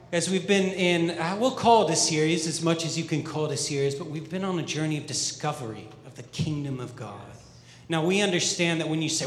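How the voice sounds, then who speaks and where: A man's voice: medium pitch, slight background noise. A man from the American Midwest preaching a sermon as pastor, upbeat, joking and conversational with his church. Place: church auditorium. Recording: echoey hall with long reverb.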